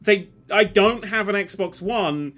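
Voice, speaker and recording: A man's voice: high voice, takes it slowly, a bit bright. A young man hosting a casual gaming news chat, sweary and prone to ranting. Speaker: host.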